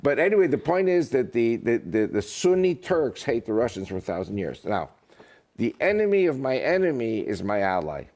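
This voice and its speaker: A man talking as an interview guest, an author and politician, telling jokes in an animated way. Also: mid-range voice, moderate pace. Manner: animated, joking storyteller. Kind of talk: casual interview talk.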